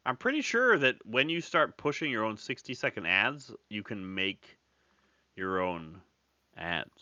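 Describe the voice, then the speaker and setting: A man chatting casually on a stream from his craft room, animated and jokey, swearing freely. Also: fairly low pitch, measured pace, no echo, dull audio. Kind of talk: casual chat.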